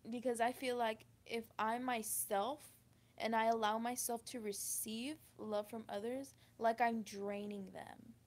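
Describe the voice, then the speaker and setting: A woman telling a personal story to camera, halting and emotional, with many restarts. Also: on the high side, level tone. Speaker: vlogger. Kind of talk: confessional storytime.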